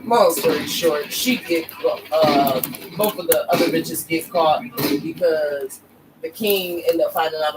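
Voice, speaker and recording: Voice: mid-range voice, distant mic, poor audio. A podcast co-host telling a story in casual, slangy, profane chat.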